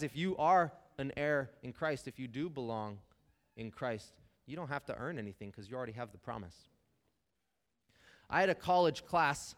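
Emphatic man preaching in a reverberant hall. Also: fairly high pitch. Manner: emphatic, conversational, addresses listeners as "you guys". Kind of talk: sermon.

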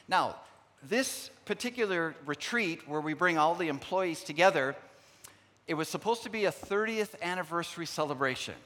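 Middle-aged male preacher, slightly high-pitched, earnest storyteller, long hall echo. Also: expressive, fairly bright tone. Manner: storytelling, acts out remembered dialogue; earnest, frequent pauses and restarts. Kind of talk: sermon.

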